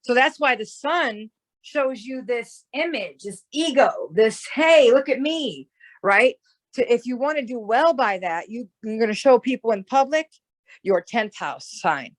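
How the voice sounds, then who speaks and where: A woman's voice: fairly high pitch, lively intonation, a little slow. A woman in a casual conversation, explaining ideas at length in a rambling way, often checking in with "right?". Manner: rambling, with restarts and "right?" tags. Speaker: astrologer guest.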